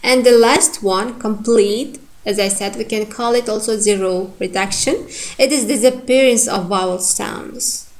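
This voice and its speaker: Woman, phonetics teacher, unhurried delivery, repeats example words, explanatory lecture. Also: mid-range voice. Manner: slow, careful, repeats example words twice. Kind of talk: lecture on vowel reduction.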